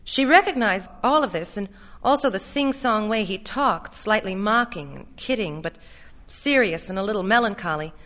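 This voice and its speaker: A woman narrating a short story with a bright, clear tone. Her delivery is measured and steady, moving evenly through long descriptive passages. The pitch sits in an ordinary middle range. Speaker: reader. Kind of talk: literary story reading.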